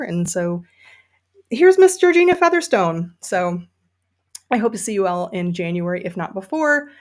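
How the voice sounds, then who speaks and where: A woman hosting a casual livestream, chatty and enthusiastic, with many fillers. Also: mid-range voice. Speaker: podcast host and novelist.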